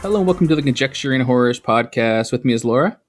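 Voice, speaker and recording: Lively, laughing male podcast host. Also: medium pitch, quick pace, soft background music. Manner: laughs often, repeats phrases. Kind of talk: casual chat.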